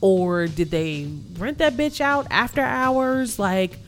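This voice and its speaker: A woman co-hosting a podcast in casual chat, animated and full of fillers, swearing freely. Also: mid-range voice, slow pace, few pauses, faint music behind. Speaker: podcast co-host.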